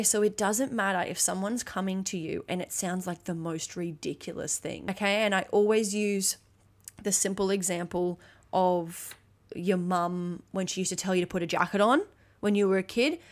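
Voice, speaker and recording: A woman's voice: medium pitch, moderate pace. A young adult woman hosting a solo motivational podcast, speaking bluntly and emphatically, swearing freely and checking in with the listener. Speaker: podcast host.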